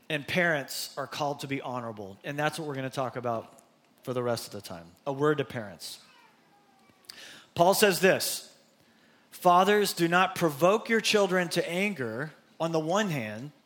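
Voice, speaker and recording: A man's voice: on the high side, a bit bright. A middle-aged man preaching a sermon as pastor, in a conversational style with personal asides.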